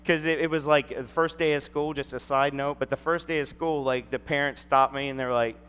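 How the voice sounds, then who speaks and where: A man's voice: medium pitch, fairly quick, smooth. A middle-aged man preaching a sermon, telling a personal story and acting out the voices in it. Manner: storytelling, animated, acts out quoted voices. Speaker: pastor. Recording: long hall reverb, faint hum.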